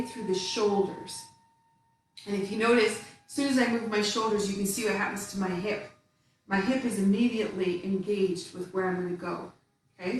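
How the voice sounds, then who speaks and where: A woman teaching tai chi, calmly talking through each step and movement. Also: mid-range voice, slight background noise. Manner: calm, instructive, counting out steps. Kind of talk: guided movement lesson. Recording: echoey room from far off.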